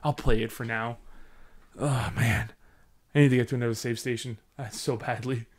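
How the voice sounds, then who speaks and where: This let's play host is a young man from Sudbury, Canada, commenting on a horror game in a steady, mid-range voice at a moderate pace. He jokes throughout and lets out swears, yelps, and panicked noises whenever he gets scared.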